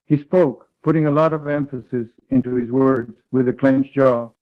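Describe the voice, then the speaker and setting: A man reading a third-person story aloud in a flat, read-aloud way as a call partner. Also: mid-range voice, normal speed, few pauses. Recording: tinny online call audio.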